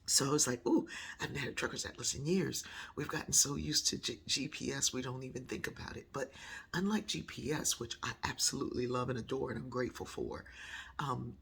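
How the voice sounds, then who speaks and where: Gravelly husky woman telling a story. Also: a bass voice. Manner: animated, acts out voices in quoted dialogue. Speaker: speaker telling a personal story. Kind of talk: reflective storytelling monologue.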